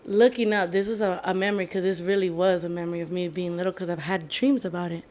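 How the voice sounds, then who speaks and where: A woman's voice: fairly low pitch, steady tone, fast, a little mellow. Candid woman telling a wild story. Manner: candid, swears freely, slips into Spanish. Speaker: podcast co-host. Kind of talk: casual storytelling chat.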